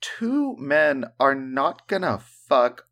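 A man co-hosting a casual podcast, animated and joking, with plenty of profanity. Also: mid-range voice, takes it slowly. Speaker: podcast co-host. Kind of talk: casual chat.

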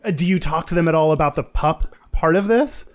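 Male interviewer, gentle, short murmured replies, slightly high voice. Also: fairly quick, a crowd in the background. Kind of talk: interview questions.

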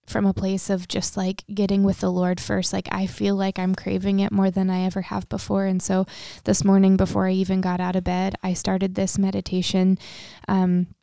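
A woman's voice: mid-range voice, completely flat delivery, normal speed, gravelly, dark tone, dry recording, clean studio sound. A young woman co-hosting a casual faith conversation, talking earnestly with many fillers, turning tearful as she speaks. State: tearful, emotional.

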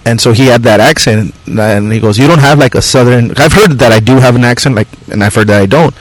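A man's voice: fairly low pitch, fast, no room sound, rough recording. A man hosting a podcast, talking bluntly and casually with lots of "like" and "you know". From Mexican-American. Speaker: podcast host. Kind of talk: casual conversation.

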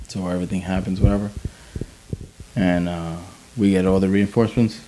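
Male army vet guest; low, warm voice; animated, cussing storyteller who acts out the quotes. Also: a little fast, a little hiss or hum. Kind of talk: casual war storytelling.

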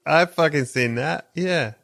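Gravelly-voiced man hosting a comic chat. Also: on the high side, a little slow, a bit bright, dry recording. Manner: spins absurd improvised stories, swears casually. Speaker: podcast host.

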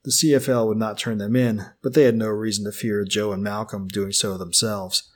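A man reading a novel aloud as an audiobook in a steady, expressive way. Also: lowish voice, normal speed. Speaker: narrator. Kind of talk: audiobook narration.

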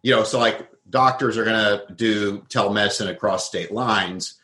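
A man's voice: lowish voice, moderate pace, bright, forceful tone, reverberant, low-quality recording. A man giving a conversational interview, thoughtfully explaining his ideas through worked examples. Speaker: guest.

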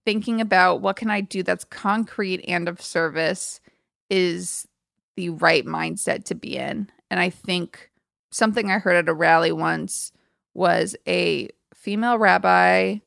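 A woman's voice: lowish voice, unhurried, creaky, fairly bright tone, no echo, clean studio sound. A woman co-hosting a podcast in casual chat, teasing her friend and then speaking earnestly. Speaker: podcast co-host.

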